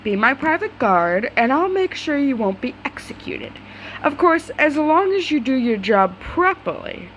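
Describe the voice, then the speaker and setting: A woman's voice: high-pitched, big pitch swings, unhurried, fairly bright tone, a little hiss or hum, voice pushed up, full character voice, poor audio. A woman reading aloud the lines of a cheerful, commanding young male prince in a fan story, in her own voice. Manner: read-aloud, plain.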